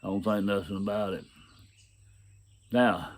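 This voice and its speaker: A man's voice: on the low side, unhurried. A man giving a personal testimony in a folksy, plain-spoken way, acting out the dialogue of his story.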